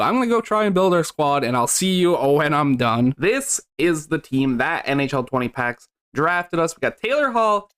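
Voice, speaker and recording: Lively, high-pitched young man opening packs. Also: clear, resonant tone. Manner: upbeat, hyped reactions to pack pulls. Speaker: gaming YouTuber. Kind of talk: casual gameplay commentary.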